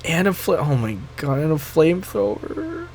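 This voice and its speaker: A man's voice: on the high side, normal speed, a little hiss or hum. A man commenting on a video game as he plays, reacting with frequent exclamations. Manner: excitable reactions, often exclaiming. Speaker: let's play gamer. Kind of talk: gameplay commentary, reading dialogue aloud. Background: game music.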